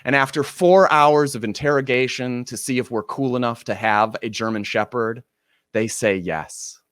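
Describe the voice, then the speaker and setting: A man telling a personal story on stage, animated, acting out the people he quotes with sudden jumps in voice. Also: medium pitch, normal speed, no room sound, studio quality.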